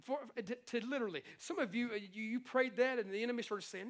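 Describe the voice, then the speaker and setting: A middle-aged man preaching a sermon as pastor, animated and conversational, slipping into playful impressions. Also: extremely high pitch, fast talker.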